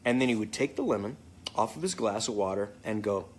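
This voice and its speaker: A man's voice: fairly low pitch, expressive, fairly quick, heavy background noise. A man casually answering fan comments, joking and swearing freely. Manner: joking, profane, off the cuff. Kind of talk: casual live chat.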